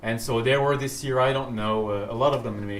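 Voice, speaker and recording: A man whose first language is French speaks as a university French professor, lively and full of fillers. His voice sits at an ordinary middle pitch. He sounds set back from the mic in an echoey room, with a faint hiss behind. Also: a little fast, distant mic. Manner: animated, storytelling, hesitant fillers. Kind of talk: interview talk on stage.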